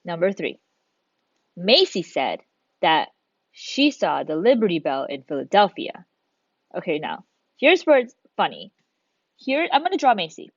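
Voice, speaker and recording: A woman's voice: lowish voice, sing-song, measured pace, pauses often, dry recording, muffled recording. A woman teacher recording a video lesson for children, talking her students through each step with encouragement.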